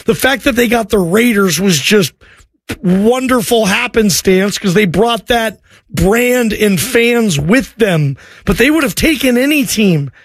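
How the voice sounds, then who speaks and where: A man hosting a sports talk radio show, talking loosely and excitably and joking with callers. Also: sits high, measured pace, no echo.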